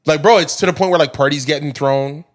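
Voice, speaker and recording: Man, Toronto accent, podcast co-host, rapid talk, slightly high voice, animated. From Toronto, Canada. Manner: fast, animated storytelling with acted-out quotes. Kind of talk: casual chat.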